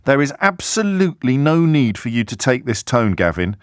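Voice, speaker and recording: A man voicing a patient, weary female politician who answers calmly in a measured, flat way. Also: medium pitch, smooth, no echo, clean studio sound, close to an everyday voice.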